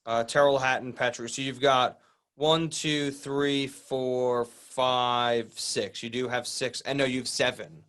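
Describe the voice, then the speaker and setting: A man's voice: mid-range voice, steady tone, slow pace, fairly bright tone, smooth. A man hosting a golf podcast in casual chat, easygoing and rambling, often repeating words as he goes. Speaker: podcast host.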